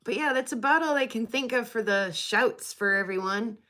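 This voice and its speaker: A woman's voice: on the high side, moderate pace, bright, forceful tone. A woman hosting her rock hobby livestream, chatting casually in a rambling, giggly way with many fillers. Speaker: rock hobby channel host.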